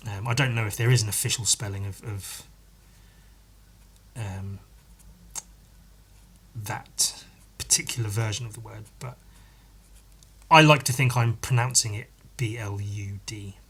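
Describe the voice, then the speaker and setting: A man with a bright, forward voice talks through a casual solo podcast episode. He rambles, stops to correct himself and restarts his sentences. He drops swear words freely into everyday chat. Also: fairly low pitch, fairly even intonation, measured pace, long pauses, breathy edge. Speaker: podcast host.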